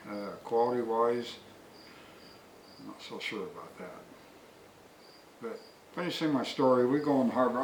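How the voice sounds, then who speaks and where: Outside, with crickets and insects faintly audible, a man with a fairly low voice rambles on in a folksy, long-winded way before reviewing a product he bought. The recording has a little hiss or hum and sounds echoey and distant from the mic.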